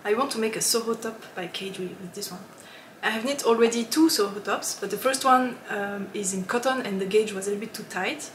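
A woman's voice: mid-range voice, a little fast, few pauses, reverberant. Woman podcast host, casual chat, giggly and rambling, mid-range voice, faint background hiss. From lives in Switzerland. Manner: chatty and giggly, with frequent ums and laughs.

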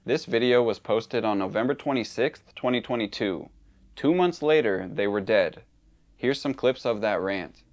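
A man's voice: lowish voice, expressive, normal speed. A man narrating a true crime story in a conversational way, with casual asides.

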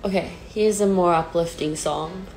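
A pop singer in her twenties has a lowish, darkish voice at normal speed, heard on a low-quality recording with some hiss or hum. In a casual phone livestream chat with a sad song playing faintly, she's nervous and near tears, hesitant, self-deprecating and heavy on fillers.

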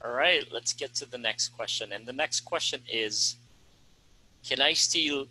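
A man's voice: mid-range voice, measured pace, bright, forceful tone, slightly rough, low-quality recording. A man hosting a teachers' panel who wraps up points and moves the talk on to the next question. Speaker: host. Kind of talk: panel discussion.

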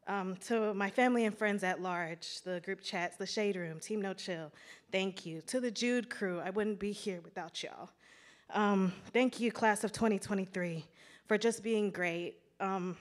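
A young woman, a medical graduate, giving a playful, emotional thank-you speech at a match day ceremony. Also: mid-range voice. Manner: playful, emotional, quick asides.

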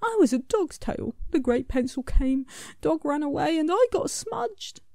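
A woman's voice: high voice, animated, unhurried, gravelly, dark tone, dry recording, clean studio sound, pitched above the performer's own voice, heavily acted. A woman voicing a little timid smudge in a storybook reading, plaintive and small.

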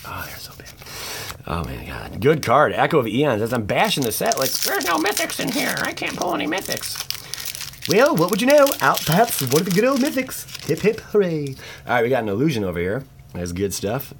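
A young man giving casual, jokey commentary as he opens card packs, breaking into sudden loud exclamations. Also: fairly low pitch, slight background noise. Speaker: channel host opening card packs. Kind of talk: casual pack-opening commentary.

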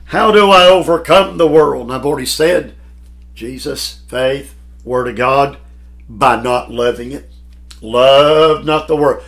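A man preaching a sermon to a Bible class, emphatic, with dramatic pauses and swells in volume. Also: medium pitch, gravelly, fairly bright tone. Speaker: pastor teaching a Bible class.

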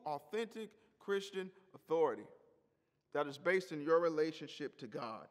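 A man preaches an emphatic sermon in a high voice, hammering home key phrases by repeating them. His voice rings out in a hall with a long, lingering reverb. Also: expressive, normal speed. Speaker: pastor.

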